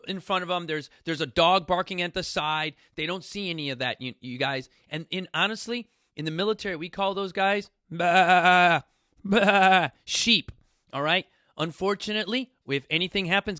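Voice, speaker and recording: A man hosting a casual talk for a studio audience, animated, often calling out "you guys" and acting out quotes. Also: high voice, no echo. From New York City. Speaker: fitness coach hosting a talk.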